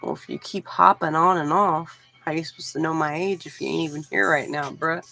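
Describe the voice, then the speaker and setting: A woman's voice: low-pitched, brisk, creaky, faint music behind, low-quality recording. A woman in her forties from Texas, chatting casually with viewers on her livestream. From Houston, Texas. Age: 40s. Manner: relaxed, chatty, talks straight to chat. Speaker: livestream host.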